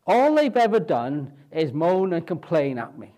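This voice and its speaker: A man's voice: on the high side, sing-song, a little slow, mellow. A man preaching and voicing an exasperated, fearful aging prophet who is fed up with his people. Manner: complaining, rising exasperation.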